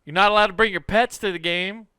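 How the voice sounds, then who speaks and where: A man's voice: high-pitched, fairly even intonation, fast, pushed and bright, clean tone, no echo, studio quality. A man co-hosting a comedy podcast, joking in casual banter, often laughing and swearing. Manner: laughing, joking, profane, puts on voices. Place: car.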